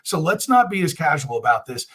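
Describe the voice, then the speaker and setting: A man's voice: a little high, very animated, a little fast, a bit bright, husky. A man giving blunt, emphatic commentary as a guest in an interview. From United States.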